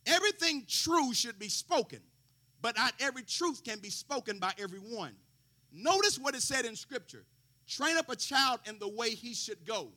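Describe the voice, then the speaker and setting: Bright-voiced fervent preacher man. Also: sits high. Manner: preaching with rising fervor, quoting scripture, folksy asides. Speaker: pastor. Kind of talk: sermon.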